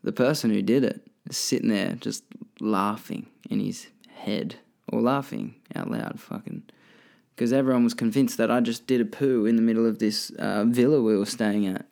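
A man's voice: fairly low pitch, expressive, normal speed, gravelly, a little mellow. An Australian man hosting a podcast, answering listener questions in rambling, profane casual chat that keeps correcting itself. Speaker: podcast host.

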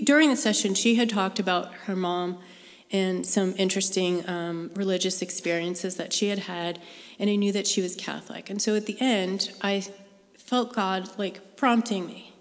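A woman's voice: medium pitch, measured pace. A woman sharing a personal faith story with a live group, in an earnest, conversational way. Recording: long hall reverb.

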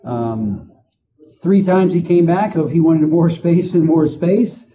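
A man working in prison administration, answering interview questions slowly with many pauses and fillers. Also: fairly high pitch, expressive, muffled recording. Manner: slow, halting, with many fillers.

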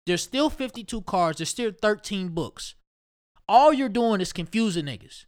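A man from Ohio delivers a loose, profane rant, circling back to the same points with heavy emphasis. His voice sits noticeably high for a man. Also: big pitch swings, normal speed, fairly bright tone. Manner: profane, emphatic, repeats himself. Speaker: solo commentator. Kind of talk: casual rant monologue.

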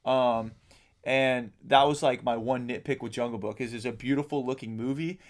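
A man in an easygoing podcast conversation, rambling through his thoughts with plenty of ums and the odd swear word. His voice sits at a middle pitch. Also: fairly even intonation, normal speed. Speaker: podcast co-host. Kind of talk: casual chat.

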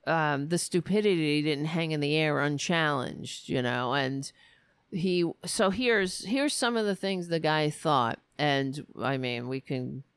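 A woman hosting a political show, telling a story in an animated, profane rant and quoting both sides of an argument. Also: sits low, unhurried, smooth, dry recording. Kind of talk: casual ranting commentary.

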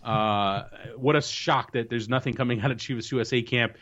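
Man, soccer podcast host, casual opinionated chat, middle pitch, dull lo-fi sound. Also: normal speed, a bit bright. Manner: chatty, opinionated predictions with frequent restarts. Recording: dull lo-fi recording.

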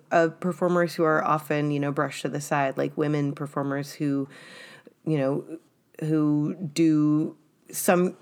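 A woman in casual podcast talk, thoughtful and searching for her words. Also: low-pitched. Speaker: podcast guest poet and comic.

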